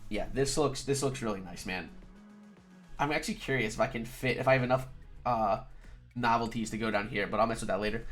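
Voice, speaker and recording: A male streamer chatting loosely to his viewers, restarting his sentences as he goes. His voice is bright and forward, and his pitch sits in the middle. He is close on a condenser mic, with soft music underneath. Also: fairly quick. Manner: rambling, laid-back, self-correcting. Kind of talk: casual livestream chat. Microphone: studio condenser mic.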